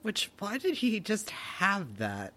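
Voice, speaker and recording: A woman's voice: mid-range voice, huge pitch swings, takes it slowly, pushed and bright. A woman co-hosting a podcast in casual chat, with dry, understated remarks. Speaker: podcast co-host.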